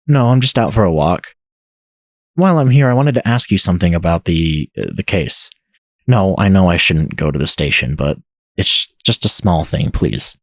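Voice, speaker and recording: A man voicing an obsessed, grieving middle-aged father in a horror game, talking low and weary. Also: lively intonation, normal speed, no room sound. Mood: guarded.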